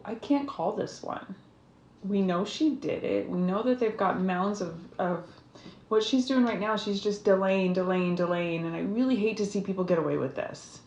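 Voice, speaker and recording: Woman vlogging, blunt and sweary, lots of rambly asides, kinda roomy echo. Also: fairly low pitch. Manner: frank and heated, swears freely, rambling asides. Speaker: numerology and tarot channel host. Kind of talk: casual vlog talk to viewers. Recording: echoey room.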